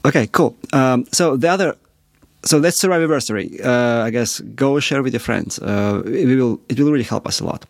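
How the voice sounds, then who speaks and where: A man co-hosting a podcast in casual chat, halting with many restarts and frequent chuckles. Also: medium pitch, no echo, clean studio sound. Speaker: podcast co-host.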